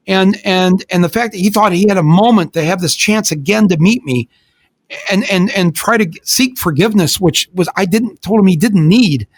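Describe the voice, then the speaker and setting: An older man hosting a podcast, telling stories in an animated way with many restarts. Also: high-pitched, moderate pace, no room sound. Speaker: podcast host. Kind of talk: casual podcast conversation.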